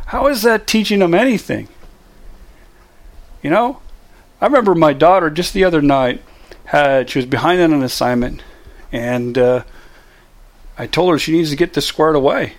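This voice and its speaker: Emphatic middle-aged man, motivational talk. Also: a little high. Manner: casual and emphatic, with rhetorical questions. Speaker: motivational speaker. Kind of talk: motivational monologue.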